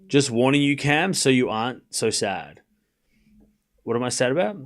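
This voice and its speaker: A man's voice: mid-range voice, lively intonation. A man hosting a live tennis watchalong, calling the score and chatting casually with his viewers. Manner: chatty, talks straight to his live chat, with quick asides and restarts.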